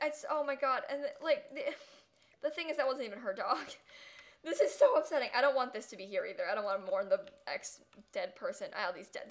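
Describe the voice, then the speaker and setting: A young woman streaming a life-sim game, chatting casually with viewers, giggling often and quick to dramatic outbursts. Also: fairly high pitch, fairly bright tone. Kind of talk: live gameplay commentary.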